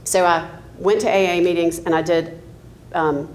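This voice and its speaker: A woman's voice: on the low side, fairly even intonation, moderate pace, a little mellow. A woman in her fifties from the American South, telling her life story with candid asides, ums and light laughs. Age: 50s. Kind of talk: personal testimony.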